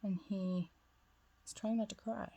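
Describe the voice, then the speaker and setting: A woman's voice: medium pitch, steady tone, unhurried, warm tone, breathy edge. A woman vlogging as a spiritual guide, telling a long, rambling personal story in casual chat full of "like" fillers, sounding self-assured. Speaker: twin flame spiritual guide.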